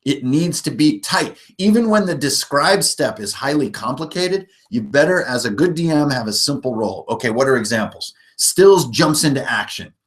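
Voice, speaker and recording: A man's voice: mid-range voice, expressive, moderate pace, hardly any pauses. A man teaching beginners how to run a tabletop game on a livestream, blunt and emphatic.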